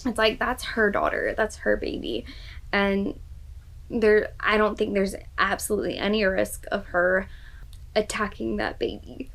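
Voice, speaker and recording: A woman's voice: medium pitch, fairly even intonation, unhurried, creaky, a bit bright, low-quality recording. A woman vlogger reacting to a book in casual chat, gushing and exclaiming often, sometimes dropping into a whisper.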